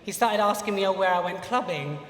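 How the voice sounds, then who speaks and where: A man's voice: high voice, a little fast, fairly bright tone. A young British man telling a funny personal story on stage at a live lecture, chatty and full of "you know". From United Kingdom. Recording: echoey hall from far off.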